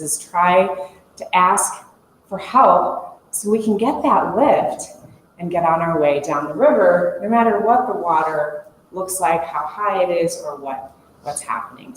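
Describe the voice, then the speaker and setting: A woman in her forties telling a lively story to a conference audience, laughing as she goes. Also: lowish voice. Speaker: conference speaker. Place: conference room. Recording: echoey conference room, faint hum.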